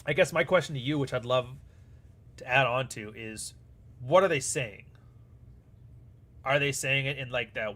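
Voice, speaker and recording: With a mid-range voice, a sharp tone, a moderate pace, and long pauses, this man hosts a live stream. He answers super chats casually and bluntly, swearing heavily and acting out dialogue.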